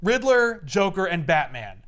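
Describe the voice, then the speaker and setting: A man casually recapping a comic book story as a podcast co-host, an animated storyteller with quick asides. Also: high-pitched.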